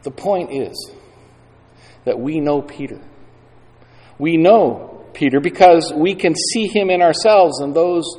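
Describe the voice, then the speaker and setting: Slow, deliberate male preacher in a hall. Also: a little high, darkish tone. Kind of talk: sermon. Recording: long hall reverb.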